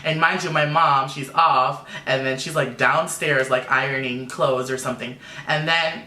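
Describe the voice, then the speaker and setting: Bright, animated young man in an echoey room. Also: medium pitch, moderate pace. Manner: animated, emotional storytelling with many fillers. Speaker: makeup artist and YouTuber. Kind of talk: casual storytelling vlog. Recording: roomy echo.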